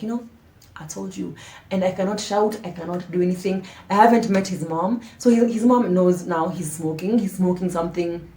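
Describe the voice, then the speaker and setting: A woman recounts an embarrassing story for her vlog audience in a lively, slangy voice. She swings from dramatic emphasis to near-whispered asides. The room around her is echoey, with faint background noise. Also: mid-range voice. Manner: animated, dramatic, slangy, drops to hushed asides. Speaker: storytime vlogger. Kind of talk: casual storytelling to camera. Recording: roomy echo.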